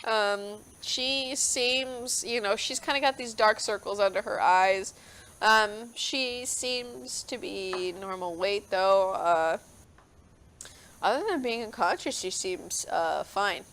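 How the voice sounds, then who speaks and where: A woman's voice: mid-range voice, slow pace, fairly bright tone, a little hiss or hum. A woman narrating a tabletop game as game master, rambling with fillers and hedges.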